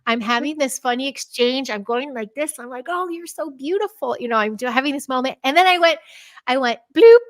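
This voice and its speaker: A woman's voice: sits high, fairly quick, no echo, studio quality. A woman in her thirties, a podcast guest, animatedly telling personal stories with frequent laughs and acted-out quotes. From United States. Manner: animated, laughing often, acts out her own quoted lines. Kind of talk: conversational storytelling.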